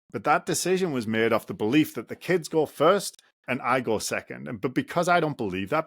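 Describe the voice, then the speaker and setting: A man's voice: mid-range voice, no room sound. Earnest man with a dry, close sound. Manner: earnest and reflective, speaks in short measured phrases. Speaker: podcast host and running coach. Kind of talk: solo podcast monologue.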